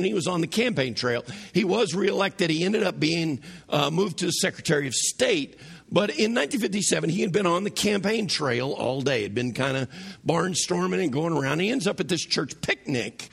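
Male pastor, raised pitch, rough gravelly husky tone, conversational sermon that asks the room questions. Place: church sanctuary.

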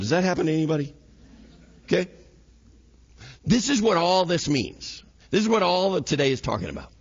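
Animated male pastor preaching. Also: fairly high pitch, brisk, breathy edge, dull audio. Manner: animated, acts out scenes in quoted voices. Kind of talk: sermon. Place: church sanctuary.

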